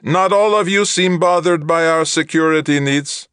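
A man voicing a male alien captor whose words come through a flat, emotionless translator in an audiobook. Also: a little high, normal speed, clear, resonant tone, dry recording, clean studio sound, voice pushed up, natural voice. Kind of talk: audiobook character voice.

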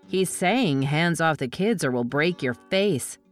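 A woman's voice: deep voice, expressive, measured pace, faint music behind. A woman narrator voicing a blunt, no-nonsense woman officer in an audiobook reading.

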